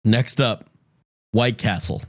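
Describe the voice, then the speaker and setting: Man, podcast co-host, casual chat, laid-back, short reactions, somewhat low pitch. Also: takes it slowly, background noise.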